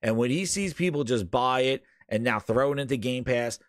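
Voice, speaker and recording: A man co-hosting a casual gaming podcast, ranting in an animated way and often talking over his co-host. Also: medium pitch, normal speed, dry recording, studio quality.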